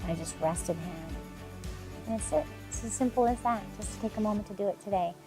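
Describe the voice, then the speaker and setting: A woman's voice: mid-range voice, brisk, over music. A woman hosting a daily devotional, talking in an earnest, conversational way and repeating words for emphasis. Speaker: devotional host. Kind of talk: devotional talk.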